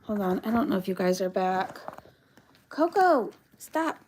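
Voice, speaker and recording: A woman's voice: medium pitch, flat delivery, fairly quick, darkish tone, slight background noise. A woman vlogging live from her backyard, chatting in a meandering way and breaking off to scold her dog. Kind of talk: casual rambling chat. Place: backyard, outdoors.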